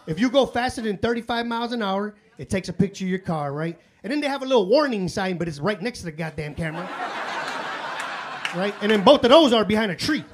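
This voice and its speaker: A man doing live stand-up comedy in a club, telling stories in a profane, excitable way. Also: sits high, quick pace. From Chicago. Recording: live club with audience laughter. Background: crowd laughter and room noise.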